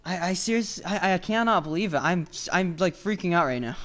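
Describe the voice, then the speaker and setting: An excitable young man chatting on a live stream, his voice sitting a little high for a man. He stumbles and restarts as he thanks his viewers over and over. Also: brisk. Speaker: livestreamer. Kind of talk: casual live-stream chat.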